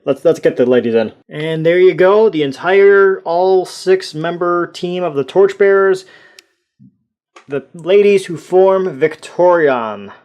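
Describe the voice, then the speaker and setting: A man with a somewhat higher speaking voice talks through a toy review in a loose, chatty way. He rambles, restarts his sentences and pokes fun at himself as he goes. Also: slow, darkish tone. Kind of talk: casual toy review talk.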